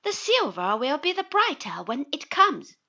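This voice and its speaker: A woman's voice: high voice, sing-song, unhurried, pushed and bright, full character voice. A woman voicing a friendly young man who exclaims with delight, on slightly dull audio. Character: warm young man, the storyteller's younger self.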